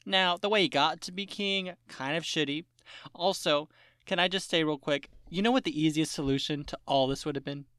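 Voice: medium pitch, normal speed, smooth, no echo. A podcast co-host in casual chat, ranting with lots of swearing and mock-quoting characters in exaggerated voices. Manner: animated ranting with profanity and mock quotes.

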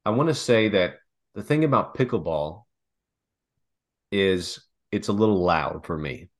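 A man rambles through a casual comedic chat. He drifts into long, joking hypotheticals and keeps them rolling without pause. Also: low voice, animated. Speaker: podcast co-host.

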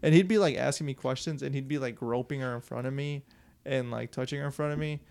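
A man's voice: medium pitch, fast talker, creaky, darkish tone, smooth. A young man telling a story on a podcast in a loose, profane way, laughing often. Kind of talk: casual storytelling chat.

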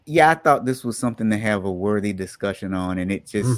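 A man's voice: fairly low pitch, lively intonation, fast, no echo, rough recording. A man co-hosting a podcast, casually walking listeners through a news story and laughing now and then. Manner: explanatory, breaks into laughter. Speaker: podcast co-host.

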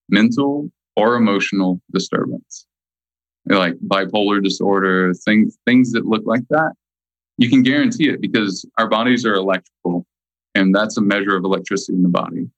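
Emphatic low-voiced man, dry sound. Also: dry recording, poor audio. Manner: emphatic, slows down to stress key points. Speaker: guest, nutritionist. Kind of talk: casual interview chat.

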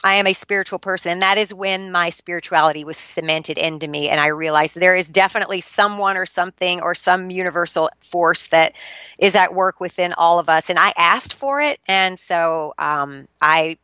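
Bright-voiced woman telling her story. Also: lowish voice, normal speed, smooth, dry recording, highs cut off. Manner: earnest, confessional and emotional. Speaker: podcast guest. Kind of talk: candid personal storytelling.

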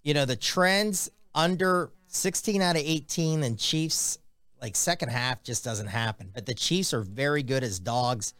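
A man hosting a casual sports betting podcast, telling jokey stories in an animated way. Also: medium pitch, a little slow, no echo. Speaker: podcast host.

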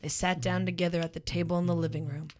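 Woman reader with a lower pitch, casual group read-aloud. She keeps breaking into jokes. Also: level tone, fast talker, darkish tone. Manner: giggly, breaks off to add joking side comments. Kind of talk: casual reading aloud among friends.

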